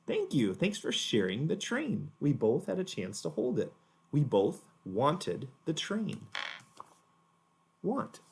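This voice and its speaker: A man's voice: fairly high pitch, huge pitch swings, slow pace. A man teaching a word to children with a puppet, patient and encouraging. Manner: patient, encouraging, clearly spoken. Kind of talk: speech lesson for children.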